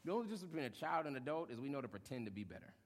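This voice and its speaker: A young adult male pastor preaching a sermon, lively, acting out short quotes and joking with the congregation. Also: mid-range voice, racing. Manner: animated, acts out short quotes, jokes with congregation. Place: church hall. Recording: long hall reverb.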